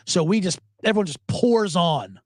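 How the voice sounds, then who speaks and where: A man hosting a sports betting show in a loose, cursing, joking ramble. His pitch swings widely from phrase to phrase. The sound is dry and close, with no room around it. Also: animated, moderate pace, darkish tone, no room sound. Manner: profane, joking, rambling, breaks into mock impressions. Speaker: sports betting podcast host. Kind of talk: casual sports betting monologue.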